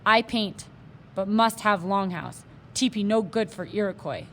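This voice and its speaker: A woman's voice: medium pitch, a little slow, fairly bright tone, slight background noise. A woman reading aloud, voicing a tiny stern warrior toy come alive as a grown man, speaking in clipped broken phrases. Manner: clipped broken speech, commanding.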